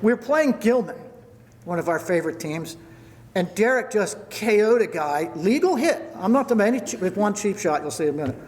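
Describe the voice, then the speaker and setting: An older man delivers a retirement party speech, running down names and telling hockey stories. His voice sits high for a man. The sound carries a long reverb from a large hall. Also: expressive, fairly quick, darkish tone, slight background noise. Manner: storytelling, thanking people by name.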